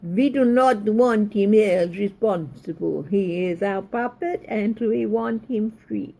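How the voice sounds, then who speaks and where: Woman putting on a slow, stern Russian official, smug and a little husky. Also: mid-range voice, dark tone, low-quality recording. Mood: mock stern. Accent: put-on Russian. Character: Russian official, man, smug puppet-master.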